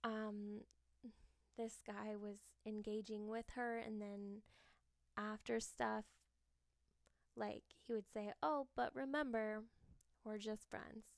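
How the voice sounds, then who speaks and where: Young woman with a gravelly edge, casual podcast talk. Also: mid-range voice, slow, long pauses, no room sound. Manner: candid, laughing, lively storytelling with swearing. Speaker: podcast host. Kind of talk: casual confessional chat.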